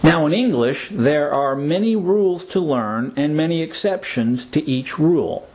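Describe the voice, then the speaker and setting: A man with a North American accent teaching English word stress, speaking deliberately and stressing words for learners to repeat. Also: fairly high pitch, lively intonation, darkish tone, slightly rough. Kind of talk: slow scripted lesson narration.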